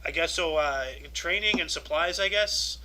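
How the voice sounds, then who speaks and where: A Californian man hosting a loose podcast, his voice high and strikingly bright, almost sharp. He rambles through his points with many fillers and offhand asides. A faint hiss of noise sits under the recording. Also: normal speed, rough recording. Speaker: podcast host. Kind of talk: casual chat, reading history dates.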